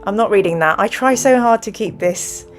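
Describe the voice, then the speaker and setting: A woman's voice: mid-range voice, normal speed, soft background music. A woman hosting a livestream, reading a gamebook aloud and chatting with viewers with plenty of giggles. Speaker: streamer and game host.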